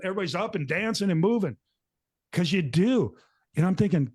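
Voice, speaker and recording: A middle-aged man hosting a show, telling a story in a rambling, animated way and acting out what people said. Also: high voice, a little fast. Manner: rambling, animated, acts out quotes. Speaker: show host. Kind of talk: casual storytelling to co-hosts.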